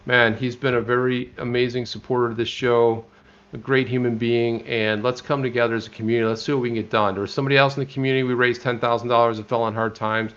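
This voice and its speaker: An American man co-hosting a casual live stream chat, talking in a rambling, animated way and often restarting his sentences. His voice sits at an average pitch for a man. The sound is a bit muffled and lo-fi. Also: fast talker. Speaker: co-host.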